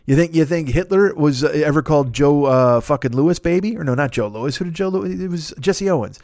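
A man's voice: a little high, fairly quick, darkish tone, no echo, studio quality. A man host riffing through a profane, rambling comedic monologue. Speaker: podcast host.

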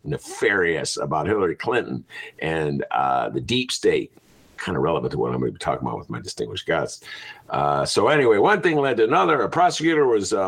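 A man's voice: lowish voice, a bit bright. Rambling, jokey radio host man. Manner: rambling, jokey, lots of uh fillers. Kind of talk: casual podcast chat.

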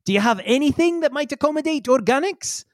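Game master as a loud, cocky woman pilot, voice pushed high, dry close sound. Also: lively intonation, fast talker, no room sound. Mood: brash. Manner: blunt and sarcastic. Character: brash, bossy woman pilot.

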